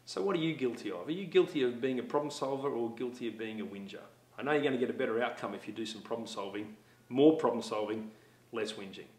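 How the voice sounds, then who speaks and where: A man's voice: medium pitch, fast talker, a little mellow. Man telling stories in an echoey room. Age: middle-aged. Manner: storytelling, acts out voices. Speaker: motivational speaker for schools. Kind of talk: talk to students.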